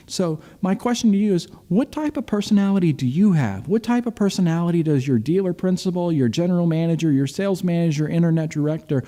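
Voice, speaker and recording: A middle-aged man hosting a business advice show, speaking straight to his audience and telling stories with lively acted-out quotes. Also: sits high. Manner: animated storyteller, acts out quotes. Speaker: host. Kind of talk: direct-to-camera business talk.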